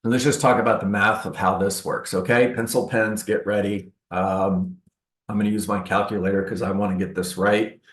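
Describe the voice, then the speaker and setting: With a fairly low voice and a moderate pace, a man coaches a live seminar audience on real estate in a training room with a roomy sound. He acts out sales calls with animation and throws in sarcastic asides.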